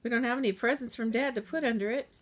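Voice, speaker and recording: A woman's voice: on the high side, quick pace, voice pushed up, natural voice. A woman voicing a glum, frustrated boy in a children's story, with a sulky way of talking.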